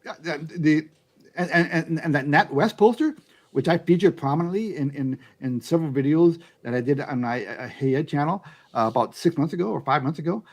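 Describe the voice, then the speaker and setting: A man's voice: a little high, brisk. A man talking in a casual podcast chat, often restarting his sentences with fillers before making emphatic points. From United States. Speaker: YouTube channel host.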